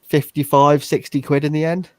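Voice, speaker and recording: A man trades casual banter on a live show, chatty and fond of saying "mate". His voice sits a little high and comes through close and dry, with no room sound. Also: level tone, moderate pace, dry recording. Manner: chatty, showing off items, says "mate". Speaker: podcast co-host.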